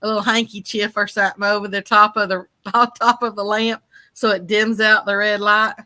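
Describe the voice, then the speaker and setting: Bright-voiced teasing woman. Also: mid-range voice, level tone, a little fast, no echo. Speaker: co-host. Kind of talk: casual live chat.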